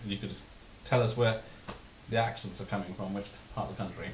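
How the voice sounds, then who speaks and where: A man's voice: lowish voice, fairly even intonation, fairly quick. A man hosting a film watch party over a call, chuckling often and making dry, teasing remarks. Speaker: channel host. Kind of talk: casual watch-party chat. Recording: echoey room with faint hiss.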